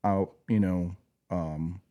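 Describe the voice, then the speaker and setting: A man, a podcast host and former Marine, telling stories in a casual, profane, animated way. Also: low-pitched, slow, dull audio. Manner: animated, profane, laughing storyteller. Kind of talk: casual storytelling.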